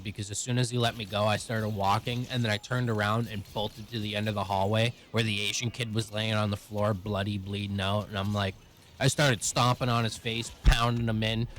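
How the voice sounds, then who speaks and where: A young man with a low voice recounting a story bluntly and profanely, in quick run-on phrases. A faint hum of room ambience sits underneath. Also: fairly bright tone. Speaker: vlogger. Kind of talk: casual personal storytelling.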